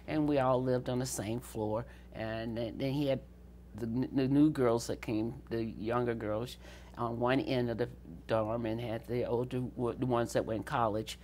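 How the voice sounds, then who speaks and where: An older Southern woman tells stories from her past in an interview, laughing often and imitating the voices of the people she quotes. Her voice is very deep with a darkish tone, and there's slight background noise.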